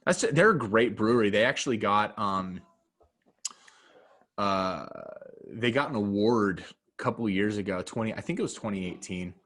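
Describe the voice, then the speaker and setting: A man's voice: on the low side, normal speed. A man co-hosting a casual podcast, trading jokes and banter. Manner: animated, jokey banter. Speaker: podcast co-host. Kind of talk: casual chat.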